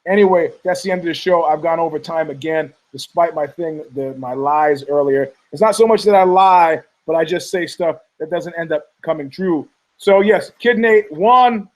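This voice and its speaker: A man's voice: fairly high pitch, moderate pace, rough recording. A male podcast host giving rambling, combative commentary, profane and heated, often stumbling over restarts.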